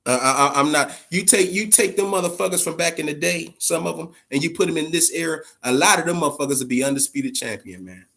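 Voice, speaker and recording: A man hosting a boxing channel in casual live-stream talk, animated and profane, dropping "man" at the end of nearly every phrase. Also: a little high, fast talker, vocal fry, few pauses.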